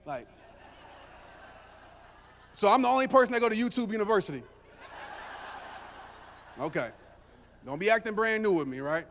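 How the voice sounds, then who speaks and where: A man's voice: high-pitched, expressive, normal speed, pauses often, a bit bright, a little hiss or hum. A man giving a motivational speech to a live audience, telling a story casually and joking with the crowd. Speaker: motivational speaker. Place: stage before a live audience. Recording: long hall reverb.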